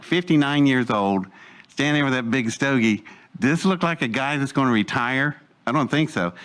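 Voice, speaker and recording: Guy telling a story to a crowd, acts out everyone's lines, chuckles a lot, medium voice. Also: medium pitch. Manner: animated storyteller acting out other people's lines, laughing between bits. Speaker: storyteller guest. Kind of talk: casual storytelling to an audience.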